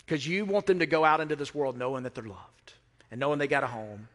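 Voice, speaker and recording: Pastor preaching in a reverberant hall. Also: male voice, medium pitch, fast, fairly bright tone. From Mississippi. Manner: emphatic, repeats phrases, asks the crowd questions. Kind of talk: sermon. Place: church sanctuary.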